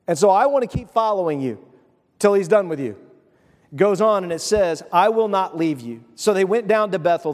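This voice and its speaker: A pastor with a fairly high voice delivers a sermon, retelling the scripture casually and slipping into voiced asides. His voice rings out with a long reverb, as if in a church sanctuary.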